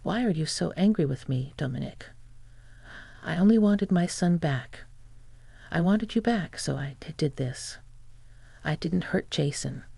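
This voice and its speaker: A woman's voice: deep voice, animated, unhurried, vocal fry, pauses often, dark tone, husky, no room sound, exaggerated voice. A woman voicing a scheming, self-pitying grandmother who talks in an indignant, whiny way.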